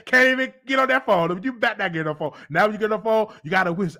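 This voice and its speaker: A man hosting a casual livestream chat, teasing his viewers in an animated, repetitive, slangy way. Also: sits high, quick pace, creaky, few pauses. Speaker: host.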